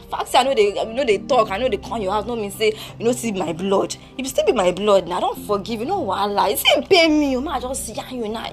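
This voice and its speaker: A woman with a Nigerian Pidgin accent voicing a blunt, teasing younger sister who consoles her sibling in a homemade audio drama. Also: a little high. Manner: brisk, teasing, mixes Pidgin and Yoruba.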